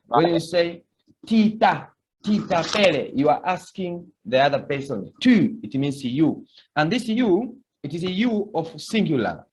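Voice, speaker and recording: A man's voice: a little high, lively intonation, measured pace, darkish tone. A man teaching a beginner language lesson, patiently repeating words for students to echo. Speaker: French teacher.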